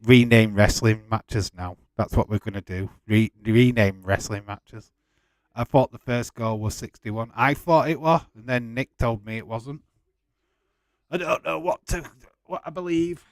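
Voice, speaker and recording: A man's voice: on the low side, a little slow, no room sound. A man hosting a casual live watch-along, chatting loosely and laughing often. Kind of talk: casual live-stream chat.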